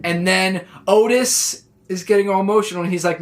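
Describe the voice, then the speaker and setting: A man recapping a wrestling show in a casual, excitable, rambling way, full of "like" and restarts. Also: sits high, brisk. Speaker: wrestling reaction vlogger.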